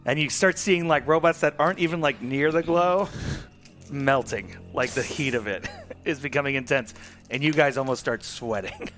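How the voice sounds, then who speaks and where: A man running a tabletop game as game master, relaxed and playful, laughing often. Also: medium pitch, normal speed, soft background music.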